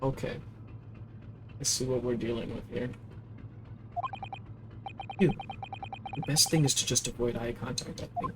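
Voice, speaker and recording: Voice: mid-range voice, measured pace, long pauses, background noise. A streamer reading a visual novel aloud on a live stream, polite in the dialogue and playful in the asides. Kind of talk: live game voice-over reading.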